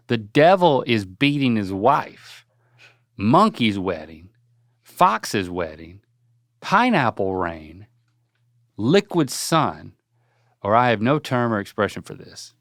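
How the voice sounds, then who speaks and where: A playful young man hosting a casual chat, his pitch swinging up and down as he jokes and rattles off options. The recording is dry and close, with no room sound. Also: big pitch swings, fairly bright tone, dry recording. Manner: playful, joking, lists options rapidly. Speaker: podcast host. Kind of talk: casual chat, quiz questions.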